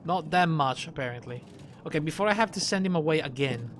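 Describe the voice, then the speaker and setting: A man's voice: a little high, animated, fast, fairly bright tone, soft background music. A man streaming a game live, who reads the dialogue aloud and adds blunt, profane asides. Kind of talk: live gameplay commentary.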